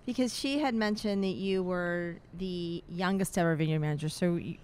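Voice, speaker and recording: A woman's voice: lowish voice, normal speed, a little mellow, a little hiss or hum. A woman hosting an interview, asking friendly questions with hesitant fillers. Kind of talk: casual interview conversation.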